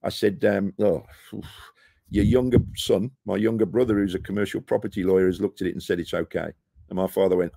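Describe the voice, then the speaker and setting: The guest, a middle-aged property investor from the UK, speaks briskly in a husky, gravelly low voice, imitating the voices of those in his animated stories. Though the interview takes place on a rooftop terrace outdoors, the close recording has no room sound at all.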